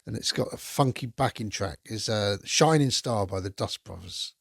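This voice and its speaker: A man's voice: fairly low pitch, normal speed, vocal fry, husky, no room sound, studio quality. A man hosting a podcast, chatting enthusiastically through a casual film review and swearing now and then. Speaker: podcast host.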